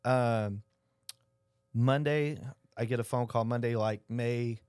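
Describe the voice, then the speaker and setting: A middle-aged man, a podcast guest who tells stories in a lively way and acts out the dialogue. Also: medium pitch, slow pace, clean tone, no room sound, clean studio sound. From Oklahoma. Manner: animated storyteller acting out quoted dialogue. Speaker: insurance agency owner, guest. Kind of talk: casual storytelling interview.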